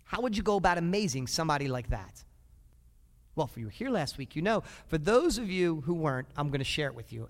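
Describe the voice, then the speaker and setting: A man preaching a sermon as a pastor, lively and often asking the congregation questions. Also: on the high side, in a large hall.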